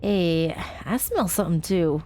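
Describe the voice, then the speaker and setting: A woman's voice: lowish voice, expressive, a little slow, darkish tone, slight background noise. Chatty woman reading a game aloud. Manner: chatty, giggly asides while reading story text. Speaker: let's play host. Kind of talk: casual game playthrough, reading text aloud.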